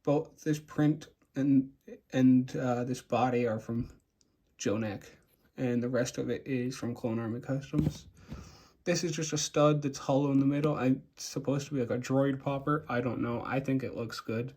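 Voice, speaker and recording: A man's voice: medium pitch, steady tone, normal speed, darkish tone. A young man casually showing and rating his custom toy figures, rambling with frequent fillers and restarts. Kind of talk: casual show-and-tell.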